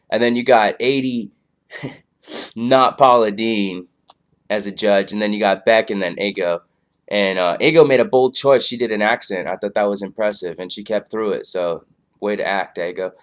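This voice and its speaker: Laid-back, low-voiced man reviewing a show. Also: normal speed, clear, resonant tone. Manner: loose, filler-heavy, laid-back. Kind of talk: casual rambling review.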